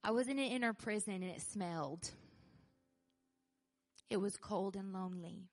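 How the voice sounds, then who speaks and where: Animated woman pastor preaching. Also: medium pitch, normal speed. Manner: animated, laughing, repetitive, building to loud emphasis. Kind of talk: sermon.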